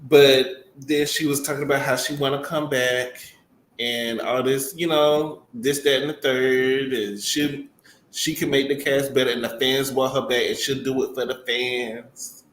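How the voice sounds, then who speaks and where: A man's voice: medium pitch, fairly even intonation, unhurried, a bit bright. A man co-hosting a casual gossip chat, matter-of-fact and opinionated. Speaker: co-host. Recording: roomy echo, faint noise.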